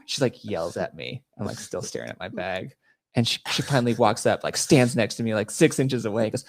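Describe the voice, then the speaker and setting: A man's voice: medium pitch, animated, brisk, vocal fry, no room sound, clean studio sound. A man co-hosting a podcast, telling stories in a mocking, laughing way during a casual chat. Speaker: podcast co-host.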